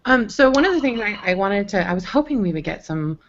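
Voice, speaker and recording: A woman's voice: mid-range voice, sing-song, quick pace, highs cut off, a little hiss or hum. Easygoing woman moderating a panel. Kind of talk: casual panel chat.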